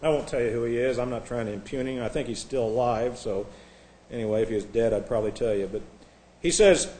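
A man preaching a sermon, combative and sarcastic, dropping to hushed asides and rising to loud outbursts. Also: medium pitch, fast, roomy sound.

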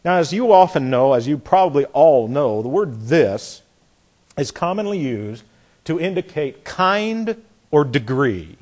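Folksy husky male Bible teacher. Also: on the high side, big pitch swings, unhurried, a little mellow. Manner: folksy, repeats phrases, demonstrates by reading aloud. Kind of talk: sermon teaching.

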